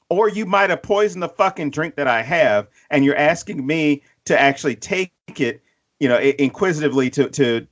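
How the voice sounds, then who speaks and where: A man co-hosting a podcast, telling stories in a profane, animated way and acting out quotes. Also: a little high. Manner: acts out quotes in other voices. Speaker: podcast co-host. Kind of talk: casual chat.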